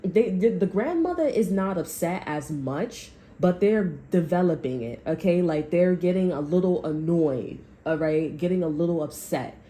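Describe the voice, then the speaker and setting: A woman's voice: lowish voice, lively intonation, normal speed, few pauses, mellow. A woman giving a casual tarot reading, rambling with lots of "like" and speaking bluntly, with frequent swearing. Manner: blunt and heated. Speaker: tarot reader.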